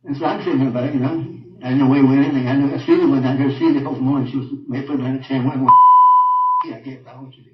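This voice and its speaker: An older man giving a halting personal account in an interview, repeating himself and often trailing off quietly. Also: mid-range voice, steady tone, very noisy. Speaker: interviewed father. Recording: roomy, distant, dull audio.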